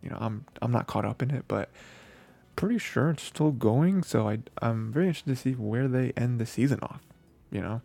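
A man hosting an anime podcast, recapping an episode in a rambling casual way, with lots of fillers and soft laughs. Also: medium pitch, a little fast, creaky, no room sound.

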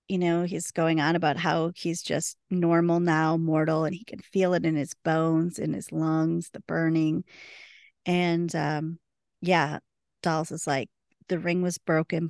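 A woman's voice: sits low, little pitch movement, takes it slowly, gravelly, a little mellow, smooth, no echo, studio quality. A woman co-hosting a podcast, retelling scenes in casual chat and laughing often. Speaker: podcast co-host.

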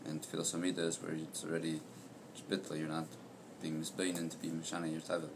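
A very deep male voice, flat and even, that explains a point slowly in a study group. Clear hiss runs under the recording. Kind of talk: Torah study class discussion.

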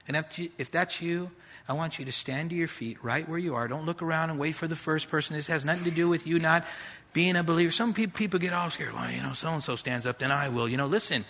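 A middle-aged man with a husky, bright, forceful voice preaches a sermon. He talks straight and conversational, dropping street slang as he urges the congregation. His voice sits a bit high for a man. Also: quick pace. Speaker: pastor.

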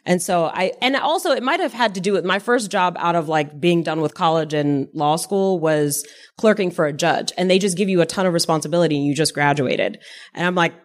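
Woman, lower voice, podcast co-host, chatty, easy laughter. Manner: quick, laughs easily, chatty. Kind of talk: casual conversation.

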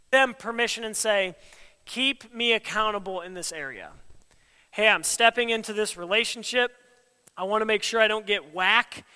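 A man preaching in a casual, emphatic way, slipping into quoted back-and-forth dialogue. His voice sits high, bright and clear. The sound rings with a long hall reverb. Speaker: pastor. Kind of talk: sermon.

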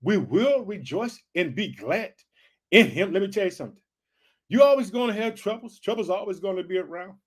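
Male podcast preacher, forties, high-pitched and fervent, repetitive exhortations. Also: animated, fairly quick, darkish tone. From United States. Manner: fervent, repetitive calls of hallelujah and family.

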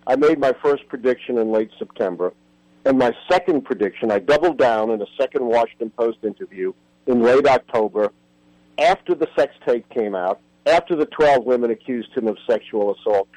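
A man's voice: mid-range voice, a little mellow, dry recording, rough recording. An older man, a history professor, telling stories with animation and emphasis as a guest in a radio interview.

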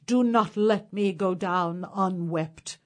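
A woman voicing a dream god posing as a drowned king, speaking slowly, solemnly and pleadingly. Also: mid-range voice, a little mellow, close to an everyday voice.

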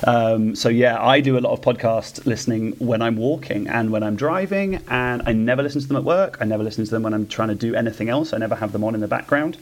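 A man appearing as a guest on a podcast, speaking thoughtfully in measured casual chat. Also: medium pitch.

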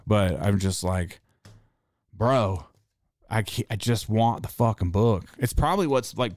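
A man who runs a tattoo shop, hosting a casual monologue and telling a story in a profane, animated way. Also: on the low side, dry recording, studio quality. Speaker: podcast host.

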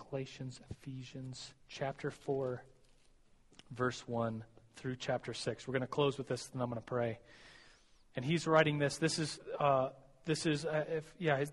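A man's voice: fairly high pitch, long reverb tail. A young man giving a chatty, self-deprecating sermon to college students, giggling and stumbling over his words. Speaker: preacher teaching college students. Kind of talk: casual sermon.

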